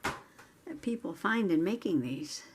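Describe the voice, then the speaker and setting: A woman's voice: on the low side, lively intonation, slow, slightly rough. A middle-aged woman hosting a casual crafting vlog, chatting to herself as she works, sometimes dropping into whispered asides. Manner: chatty, talking to herself while working, some whispered asides. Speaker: crafting channel host. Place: home craft table.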